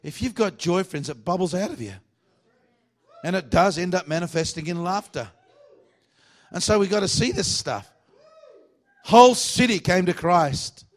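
A man with an Australian accent preaching a lively revival sermon in a church hall. His voice sits a little high, and he swings between quiet, joking asides and loud, exuberant bursts. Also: normal speed, pauses often. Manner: jokey, exuberant, swings from hushed to shouting. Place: church hall before a congregation.

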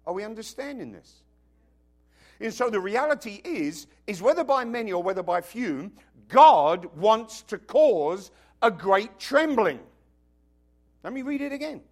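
A British man delivers a sermon in a high-pitched voice that swoops through a wide, lively range. He is emphatic, mixing jokes into his preaching, and keeps checking in with the congregation. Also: a little slow. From Britain. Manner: emphatic, joking, asks the congregation questions. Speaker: pastor.

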